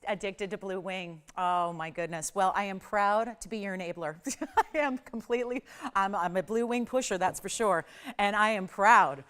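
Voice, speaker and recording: A woman's voice: mid-range voice, normal speed, a bit bright, clean tone. A middle-aged woman hosting live TV jewelry sales, chatty and gushing in an upbeat sales patter. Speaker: shopping channel host. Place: TV studio.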